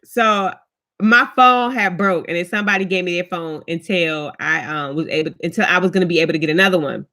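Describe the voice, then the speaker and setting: Chatting casually with viewers on a live stream from home, a female vlogger tells stories and greets commenters by name. Her voice is fairly low, brisk, pushed and bright.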